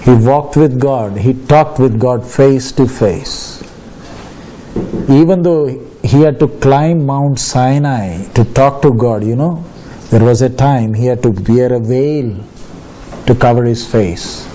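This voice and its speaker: A man's voice: medium pitch, takes it slowly, dark tone, a little hiss or hum. A male preacher giving a sermon, reading scripture aloud and questioning his listeners with emphasis.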